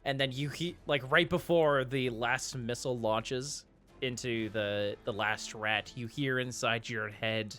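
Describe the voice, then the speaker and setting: A game master narrating a tabletop game in a relaxed way, laughing into the narration. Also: medium pitch, unhurried, faint music behind.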